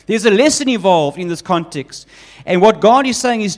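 A man preaching a sermon with emphatic, animated delivery, often building up repeated lists. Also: high voice, normal speed. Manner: acts out quoted voices of God and Jonah.

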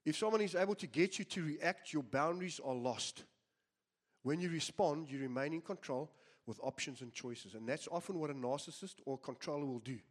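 Male pastor, emphatic repeating sermon delivery, slightly higher voice. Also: a little fast. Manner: earnest, emphatic preaching with repeated phrases.

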